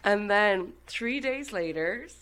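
A woman's voice: medium pitch, slow, low-quality recording. An Irish woman telling a personal story in a casual chat, with lots of swearing and laughter. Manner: animated, swearing, laughing often. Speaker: guest.

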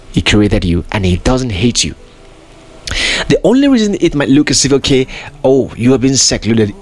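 A man with a husky, slightly breathy voice delivers a podcast sermon. His pitch swings up and down lively as he repeats his points and fires rhetorical questions at the listener. Soft music sits faintly behind him. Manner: emphatic, repetitive, full of rhetorical questions. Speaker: podcast host. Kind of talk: preaching monologue.

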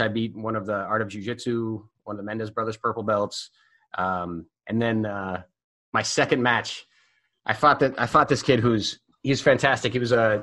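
A man telling stories in a casual, animated way, swearing freely and leaning on fillers. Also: on the low side. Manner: animated, profane, full of fillers. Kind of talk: casual storytelling.

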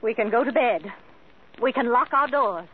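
A woman's voice: on the high side, animated, normal speed, close to an everyday voice. Frightened stammering woman guest, played by an actress, 1940s radio, narrow sound with faint hiss. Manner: stammering, flustered. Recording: phone-like old radio recording with hiss.

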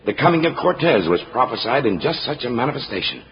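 A man's voice: mid-range voice, very animated, quick pace. An actor playing an older learned doctor and father, exclaiming in 1940s radio drama, on a dull reverberant old recording.

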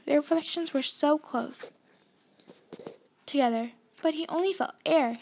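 Woman narrator, high voice, expressive audiobook-style storytelling. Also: unhurried, creaky, pauses often. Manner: expressive storytelling, voicing dialogue. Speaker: reader. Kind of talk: reading a novel aloud.

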